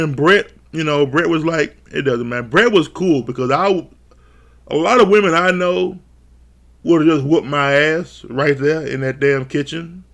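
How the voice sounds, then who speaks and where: A man's voice: on the high side, vocal fry. A man reviewing a reality dating show in casual, profane commentary, often laughing as he acts out what the cast said. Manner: laughs often, swears freely, animated retellings.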